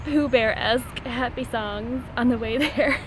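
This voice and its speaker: Woman, casual vlog story, chatty and laughing, high-ish voice, outdoor street noise behind. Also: unhurried. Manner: chatty, laughs often, acts out quoted lines. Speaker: short story writer.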